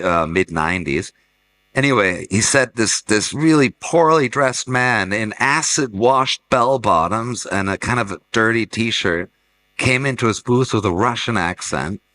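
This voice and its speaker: Bright-voiced man telling fair stories. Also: on the low side, poor audio. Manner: anecdotal, restarts and laughs while telling stories. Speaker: art fair director. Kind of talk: casual panel conversation. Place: fair talk stage.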